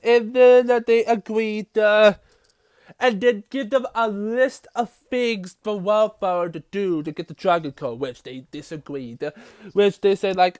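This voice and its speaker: A man's voice: sits high, a little slow, clean tone, dry recording, clean studio sound. A man reviewing a TV episode, recapping the plot in a rambling way with many fillers and restarts.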